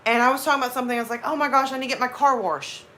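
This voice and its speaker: Southern lady rambling to her chat, kinda high voice, little background hiss. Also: sharp tone. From American South. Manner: chatty, rambling, quick asides to chat. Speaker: livestream host reading chat. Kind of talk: casual chat.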